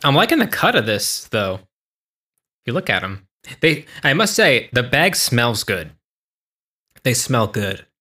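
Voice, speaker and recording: A man's voice: medium pitch, very animated, measured pace, pauses often, bright, forceful tone. A young man co-hosting a podcast, chatting casually with a dry, joking manner. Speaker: podcast co-host. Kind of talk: casual chat.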